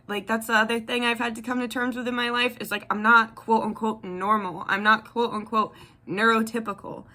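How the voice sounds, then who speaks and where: A woman's voice: medium pitch, sharp tone. A woman in her thirties telling a personal story to the camera in a candid, rambling way with many fillers. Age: 30s. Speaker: tarot vlogger.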